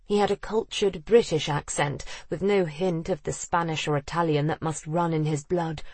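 Husky-voiced audiobook narrator. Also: mid-range voice, normal speed, no echo. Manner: expressive, acting out the characters. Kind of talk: scripted narration of a period romance novel.

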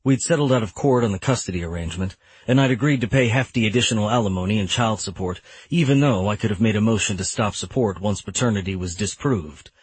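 A man's voice: fairly low pitch, fast, hardly any pauses, husky, dry recording. A man reading a first-person audiobook as narrator, wry and irritated in tone.

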